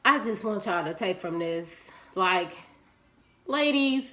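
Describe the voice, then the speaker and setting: A woman, telling a candid personal story to her viewers and acting out what people said. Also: slow pace. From Chicago, US. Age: 20s. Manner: animated and frank, acting out quoted lines in swooping pitch.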